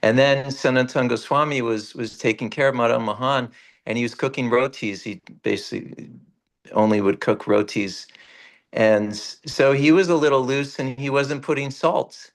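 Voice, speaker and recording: Gravelly man telling a devotional story. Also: moderate pace. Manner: animated retelling, rising high for quoted characters. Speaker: class speaker.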